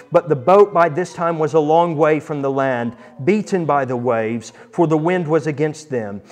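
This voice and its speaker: A man preaching a sermon in a fairly high voice. He talks earnestly, rising loud to stress a point and dropping soft for quiet ones, and reads scripture aloud with drama.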